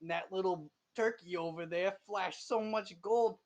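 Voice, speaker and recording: A scrawny captive kobold spits insults in a slow, spiteful voice pitched a little high, as a game master puts him on. He drags out his words with contempt. A tabletop-game creature with a nasty temper. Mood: sneering.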